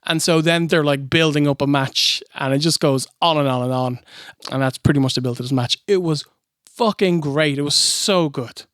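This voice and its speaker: A man co-hosting a comedic wrestling review, telling the story with animated, mocking energy. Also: on the high side, moderate pace, smooth, dry recording, studio quality. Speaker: podcast co-host.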